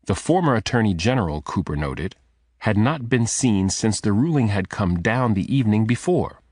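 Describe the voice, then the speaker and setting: A man with a fairly low voice narrates a thriller audiobook from a script, telling the story in a measured, steady manner. The recording is studio quality with no echo.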